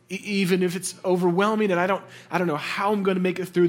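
A man in his thirties preaching a sermon as a pastor, earnest, mixing personal stories with building emphasis and quiet, low endings. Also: faint music behind. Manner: earnest, builds to intense emphasis then drops soft and low; conversational storytelling with quick asides.

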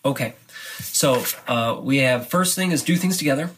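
A man who directs a choir, giving energetic podcast tips to other choir directors and acting out classroom moments as he goes. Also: medium pitch, normal speed, a little hiss or hum.

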